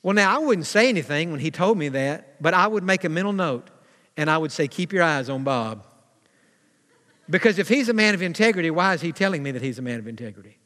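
High-voiced preacher in a reverberant church hall. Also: male voice, lively intonation, fairly bright tone. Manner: preaching with dramatic slowdowns and acted-out quotes. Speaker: pastor. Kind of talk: sermon.

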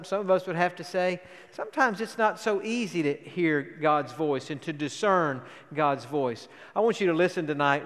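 A man's voice: fairly high pitch, fairly bright tone. Preaching man in a reverberant church. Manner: preaching, reading scripture aloud to a congregation. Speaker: pastor. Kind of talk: sermon. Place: church sanctuary. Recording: long hall reverb.

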